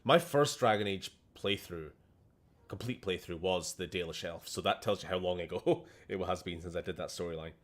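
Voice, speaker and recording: A man's voice: low-pitched, normal speed. A Welsh man giving casual, jokey commentary while streaming a game, laughing often. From Wales.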